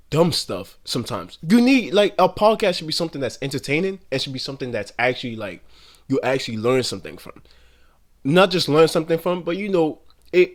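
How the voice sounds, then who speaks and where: Slangy, rambling young man ranting. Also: fairly high pitch. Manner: slangy, rambling, swears freely. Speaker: commentator. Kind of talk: casual commentary rant.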